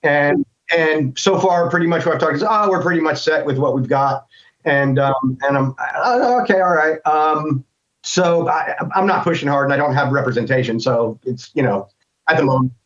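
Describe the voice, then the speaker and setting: A man's voice: on the high side, fairly even intonation, normal speed, a bit bright. Middle-aged American man, rambling, lo-fi. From United States. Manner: rambling, thinks aloud with many restarts. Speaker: guest voice actor. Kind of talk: casual interview chat. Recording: dull lo-fi sound.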